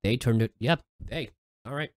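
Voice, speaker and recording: A man's voice: medium pitch, normal speed, over loud music. A man hosting a reaction video in casual commentary, exasperated and swearing, with sarcastic asides.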